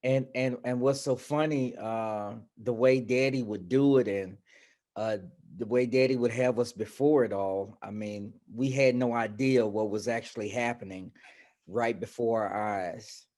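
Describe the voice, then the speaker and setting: A man's voice: mid-range voice, steady tone, a little slow, a little mellow. A middle-aged man from St. Louis, a pastor, chatting as an interview guest in a reflective, easygoing way and laughing readily. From St. Louis, USA. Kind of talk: casual interview chat.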